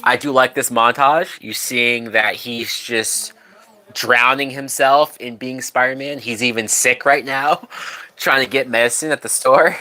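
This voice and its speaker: A man's voice: mid-range voice, fairly even intonation, measured pace, sharp tone. A man casually commenting on a film during a live stream, loose and profane, now and then reading out viewer comments. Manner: loose, profane, chatty, reads out chat. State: drunk.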